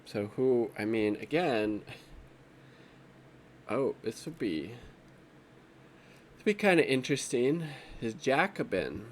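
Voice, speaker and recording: A man's voice: medium pitch, very animated, takes it slowly, long pauses, slight background noise. A man giving casual off-the-cuff political commentary while browsing social media, rambling and profane, with an exasperated edge.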